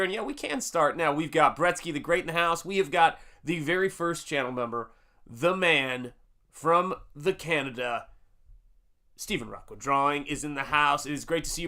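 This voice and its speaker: An upbeat American man with a voice on the high side, bright and forceful, hosts a live painting stream at normal speed. He paints while reading out names from the chat to greet viewers, using frequent casual fillers.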